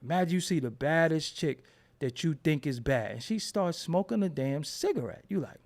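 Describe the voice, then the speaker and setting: Man, fired-up casual rant, raised pitch, voice swinging up and down, swears a lot. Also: a little fast. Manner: animated, emphatic, swears freely, repeats words when heated.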